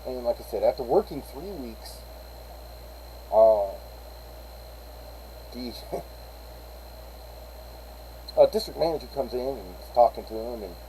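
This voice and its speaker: A man's voice: mid-range voice, lively intonation, takes it slowly, pauses often, mellow, a little hiss or hum, rough recording. A middle-aged man, rambling through a casual story on a live stream and acting out the people he quotes.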